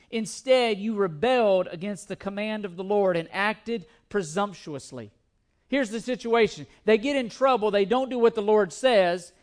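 Emphatic high-voiced male preacher. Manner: emphatic, repeats words, shifts between slow reading and quick asides. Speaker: pastor. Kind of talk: sermon.

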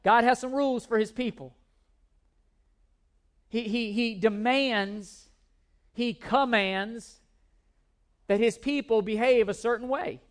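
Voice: medium pitch, slow, pauses often. A pastor preaching a sermon in an emphatic way, repeating key words for stress, with self-deprecating humor.

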